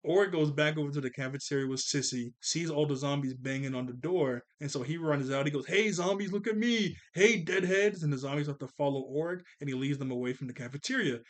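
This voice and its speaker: A man casually recapping and reviewing a cartoon episode, laughing often and slipping into quick character voices. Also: mid-range voice. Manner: animated, laughs often, jumps into character voices when quoting.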